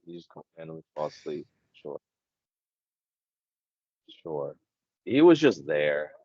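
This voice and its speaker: Male podcast co-host, very low voice, blunt and sweary, dry close sound. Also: big pitch swings, takes it slowly, a little mellow, no echo, lo-fi sound. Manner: blunt, swears freely, trails off. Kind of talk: casual chat.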